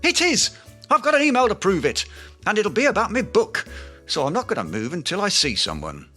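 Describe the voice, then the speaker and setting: Brief: man voicing pompous, blustering wannabe author, bright, swoopy comic delivery. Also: medium pitch, wildly swooping pitch, fast, soft background music, full character voice. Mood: indignant. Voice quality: grandiloquent, blustering. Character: pompous self-deluded aspiring male writer. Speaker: comic lead. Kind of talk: comedy audio drama acting.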